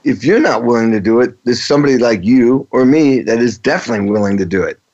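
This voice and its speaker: A man's voice: medium pitch, quick pace, darkish tone. A middle-aged man, a touring rock drummer, telling anecdotes in a casual interview, rambling with frequent restarts. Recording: dull lo-fi sound.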